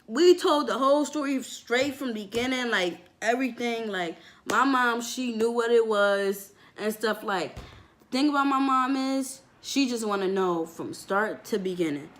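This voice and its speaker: A young woman vlogger telling a story from her life in a casual, animated way, with lots of "like" and acted-out voices. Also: a little high, measured pace, slight background noise. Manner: animated storytelling, fillers with "like", acts out quoted voices.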